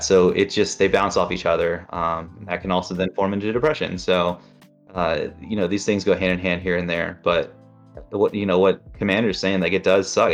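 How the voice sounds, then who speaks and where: A man chatting casually, rambling and acting out inner voices as he explains. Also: deep voice. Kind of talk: casual chat. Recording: dull lo-fi sound with faint music.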